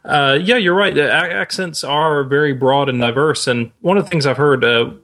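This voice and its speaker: A man co-hosting a podcast as a film reviewer, talking in a measured, analytical way. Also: fairly high pitch, fairly bright tone. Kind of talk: casual podcast discussion.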